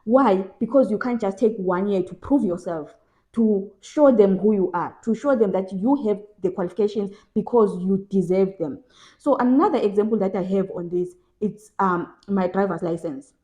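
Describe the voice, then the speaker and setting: A woman's voice: mid-range voice, moderate pace, warm tone. A young woman from South Africa giving casual advice in a vlog, emphatic and repeating phrases for stress. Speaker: vlogger.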